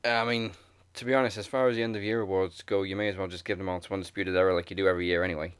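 A man with a lowish voice talks through the week's wrestling in a laid-back, wry way. The recording is dry and close. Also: flat delivery, very fast, clear, resonant tone, no echo. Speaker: podcast co-host. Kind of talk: casual wrestling chat.

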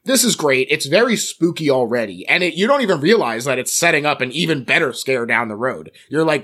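A man's voice: medium pitch, expressive, fast, few pauses, sharp tone. A man hosting a podcast, recapping a film's plot playfully and laughing at his own jokes. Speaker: podcast host. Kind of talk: plot recap and casual chat.

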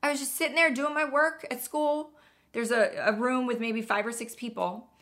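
A woman's voice: fairly high pitch, steady tone, moderate pace, fairly bright tone, pitched above the performer's own voice, lightly acted. A woman voicing an eager thirteen-year-old girl who gushes breathlessly while telling a story. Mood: excited. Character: excited teenage girl, 13, eager and earnest.

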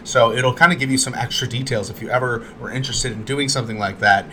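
A man with a bright, forceful voice talks through an episode recap in an easygoing way. He retells the scenes, then stops for chatty asides and the odd filler word. He sounds like a regular host speaking to his listeners. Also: medium pitch, fast talker, a little hiss or hum.

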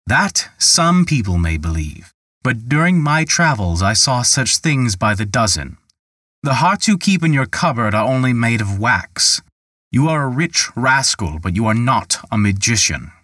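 A man's voice: medium pitch, sing-song, unhurried, a bit bright, no room sound, studio quality. A man voicing a young male charcoal burner, speaking earnestly. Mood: defiant.

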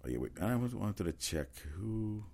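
A man's voice: fairly low pitch, sing-song, normal speed, vocal fry, dark tone. A man giving a casual, rambling solo rundown of sports news, opinionated and full of fillers and restarts. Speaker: sports talk host.

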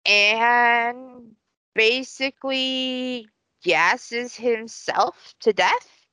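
A woman's voice: on the high side, fairly even intonation, drawn-out words, bright, forceful tone, clean tone, no echo. A woman co-hosting a podcast, casually retelling a movie plot with rambling asides and many fillers. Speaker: podcast co-host. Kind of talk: casual film recap.

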